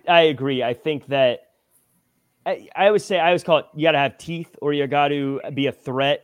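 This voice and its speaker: A man's voice: mid-range voice, no room sound. A man hosting a wrestling podcast, recapping matches and putting questions to his co-hosts in casual chat. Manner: leads discussion, recaps matches, asks questions. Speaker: podcast host.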